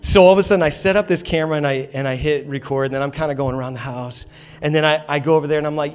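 A man's voice: on the high side, fairly even intonation, very fast. A man in his thirties preaching a sermon in a church auditorium, telling a funny story with lots of energy and playful acted quotes. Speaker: pastor.

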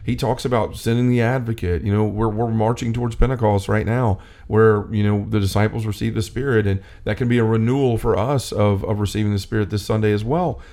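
Animated man talking faith. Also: fairly low pitch, fairly quick, hardly any pauses. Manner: animated, acts out quotes, many restarts. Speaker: co-host. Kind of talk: casual faith discussion.

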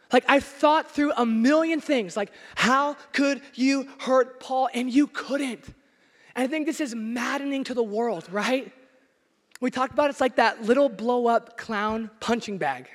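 A man preaching a sermon as pastor in a church, emphatic and at times nearly shouting. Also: extremely high pitch, measured pace. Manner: emphatic, rising to near shouts. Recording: long hall reverb.

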